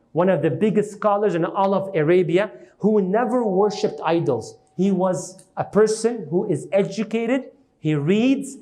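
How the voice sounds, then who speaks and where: Male lecturer, high pitch, dramatic storyteller who quizzes his audience. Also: a little mellow. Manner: dramatic retelling, voices the people in the story; engages the audience with questions. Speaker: Islamic lecturer.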